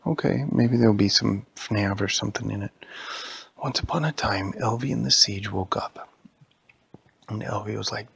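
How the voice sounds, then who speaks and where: A man improvising a bedtime story for a child in a quiet bedroom, soft and meandering. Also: fairly low pitch, steady tone, moderate pace, vocal fry, slightly rough, dry recording. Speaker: father telling a bedtime story.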